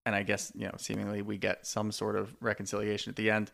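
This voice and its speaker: A man's voice: fairly low pitch, monotone, fast talker, gravelly, fairly bright tone. A man co-hosting a podcast, chatting in a laid-back, wry way and swearing freely. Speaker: podcast co-host. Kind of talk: casual chat recapping reality TV.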